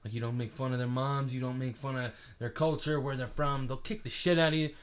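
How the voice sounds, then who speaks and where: A man's voice: mid-range voice, steady tone, a little fast. A man in his twenties from Oregon, co-hosting a crude comedy podcast with lots of laughing and swearing. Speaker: podcast co-host. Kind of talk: casual crude comedy chat.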